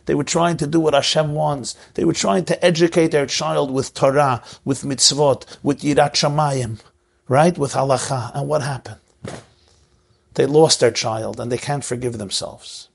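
A middle-aged rabbi giving an earnest, emotional sermon, telling a story and repeating phrases for emphasis. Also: male voice, mid-range voice, creaky, husky.

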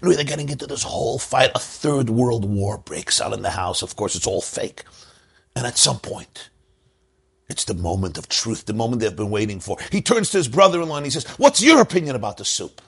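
A man's voice: mid-range voice, sing-song, brisk, vocal fry, a bit bright, slightly rough. A man giving a religious talk, telling a joke as a story and drawing a lesson from it. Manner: storytelling, rising to emphasis. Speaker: Jewish religious teacher. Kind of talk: sermon with a told joke.

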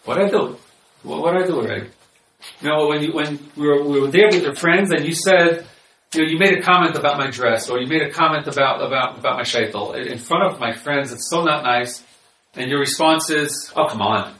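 A man's voice: a little high, fairly quick, sharp tone, a little hiss or hum. A man counseling on marriage in a conversational lecture, often repeating words as he restarts and acting out bits of example dialogue. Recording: echoey room, mic at a distance.

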